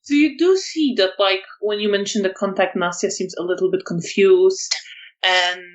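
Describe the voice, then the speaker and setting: A woman's voice: mid-range voice, moderate pace. Lady game master, um-ing her way through, kinda muffled lo-fi sound. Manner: easygoing, hesitant with fillers. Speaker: storyteller. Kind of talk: running a tabletop game.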